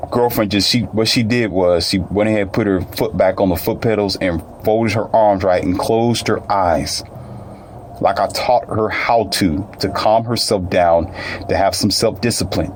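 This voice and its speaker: Low-voiced man telling a story casually. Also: moderate pace, a little hiss or hum. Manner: colloquial, repeats phrases, addresses listeners directly.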